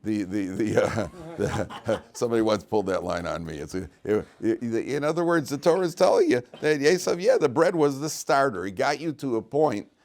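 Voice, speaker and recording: A man's voice: medium pitch, normal speed, hardly any pauses. A man, a rabbi, giving an informal lesson to students in a classroom, talking conversationally, telling stories and restarting phrases as he thinks. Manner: conversational, animated, repeats words when thinking. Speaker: rabbi teaching a weekly class. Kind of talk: informal Torah lesson with storytelling.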